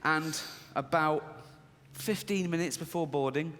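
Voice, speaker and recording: A man's voice: fairly high pitch, a little slow, a bit bright, slight background noise. A middle-aged man from England telling a stand-up story, acting out voices in his head and laughing at his own jokes. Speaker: stand-up comedian. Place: large stand-up venue. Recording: reverberant stage recording.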